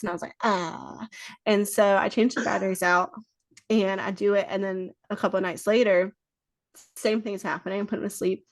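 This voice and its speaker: A woman's voice: medium pitch, fairly even intonation, normal speed, no echo. A woman guest on a podcast, telling stories in a casual chat, swearing freely and acting out what people said. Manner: swears freely, acts out quoted dialogue.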